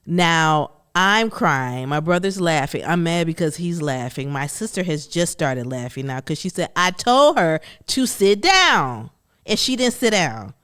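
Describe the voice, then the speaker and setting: A woman hosts her own podcast and tells stories from her childhood in a lively, conversational way. Her voice sits a little low but moves a lot in pitch as she acts out what her family said. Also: moderate pace, few pauses, clear, resonant tone. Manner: animated, laughing storyteller who acts out family quotes. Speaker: podcast host. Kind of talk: personal storytelling monologue.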